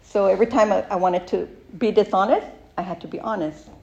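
A woman's voice: medium pitch, brisk, gravelly, a little mellow, highs cut off. A middle-aged woman giving a candid, rambling personal recovery share, with many fillers and asides.

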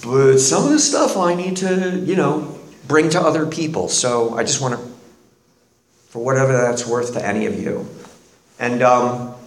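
Slow, animated man in an echoey room. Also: mid-range voice. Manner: animated, self-deprecating storytelling with laughs. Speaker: speaker sharing his recovery story. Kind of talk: personal recovery talk.

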